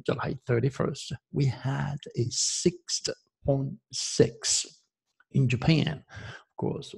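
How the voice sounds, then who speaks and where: Slow gravelly French-accented man. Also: medium pitch, dark tone. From France. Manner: emphatic, insistent, repeats himself. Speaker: astrologer host. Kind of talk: self-promoting monologue.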